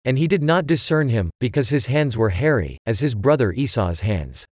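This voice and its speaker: A man reads scripture aloud at an even, measured pace. His voice sits at an ordinary male pitch. The recording is dry, with no room sound. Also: no room sound. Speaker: scripture reader. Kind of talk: scripture reading.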